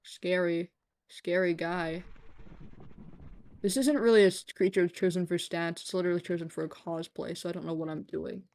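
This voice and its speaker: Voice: medium pitch, fairly even intonation, moderate pace, a little mellow. A streamer chatting casually during a late-night live game stream, joking, rambling and laughing often.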